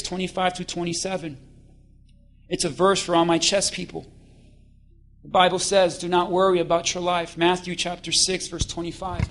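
A man preaching a lively, playful sermon in church, calling for responses and acting out voices. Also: high-pitched. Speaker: pastor.

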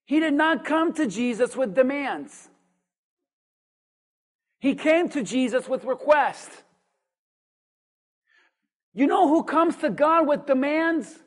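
A pastor delivers a sermon in a high, bright-toned voice. The preaching rises to emphatic, near-shouted peaks and drops to hushed asides, driven by rhetorical questions and call-and-response. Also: animated, slow pace, pauses often. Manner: dynamic preaching, swings from loud emphatic to quiet.

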